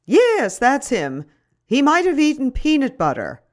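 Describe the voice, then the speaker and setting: A woman's voice: sits high, wildly swooping pitch, a little slow, pitched above the performer's own voice, full character voice. A woman voicing a flustered school headmistress who is hesitant on the phone.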